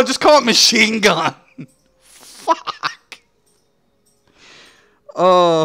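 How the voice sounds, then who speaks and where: A man giving profane, excitable commentary as he reacts to game patch notes, swearing constantly and breaking into laughter. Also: a little high, drawn-out words, pauses often. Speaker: gaming streamer.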